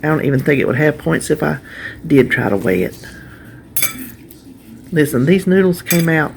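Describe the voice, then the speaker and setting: A woman's voice: sits low, expressive, moderate pace, vocal fry, a little hiss or hum. A woman chatting casually to camera as a vlogger, talkative and heartfelt. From North Carolina, USA. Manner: chatty, warm-hearted, trails off and restarts.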